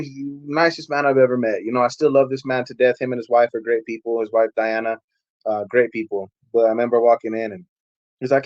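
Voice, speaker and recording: A man's voice: medium pitch, steady tone, fast talker, darkish tone, dry recording, highs cut off. A man, a pastor and podcast guest, telling his life story in a candid, streetwise way, acting out what people said. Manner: candid, streetwise, acts out quotes. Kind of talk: casual storytelling.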